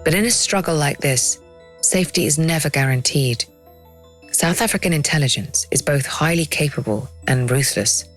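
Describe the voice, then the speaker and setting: A woman's voice: low-pitched, lively intonation, faint music behind. Woman narrating a spy documentary. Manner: measured, dramatic storytelling.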